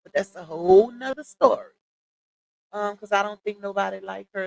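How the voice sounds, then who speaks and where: Late at night on her livestream, a female host gossips chattily, addressing viewers directly with words like "y'all" and "child." She speaks at normal speed in a steady, medium-pitched, creaky voice. The audio is poor.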